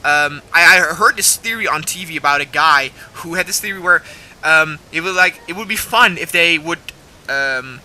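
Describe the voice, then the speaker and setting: A young man rambling excitedly and swearing casually while commenting on a game as he plays. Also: a little high, moderate pace, low-quality recording. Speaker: gaming video host. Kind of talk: let's play commentary.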